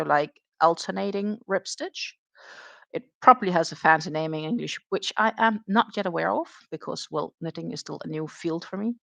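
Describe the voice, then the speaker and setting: A woman hosting a casual crochet stream has a lowish, fairly bright voice with vocal fry and a Danish accent, captured in a dry recording. She's chatty and dryly sarcastic, thinking aloud as she counts her stitches.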